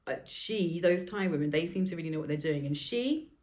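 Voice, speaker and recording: A woman's voice: lowish voice, animated, a little fast, a little mellow. Chatty, swearing woman in her forties. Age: 40s. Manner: chatty, swears freely, acts out other people's lines. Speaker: podcast host. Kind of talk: casual storytelling monologue.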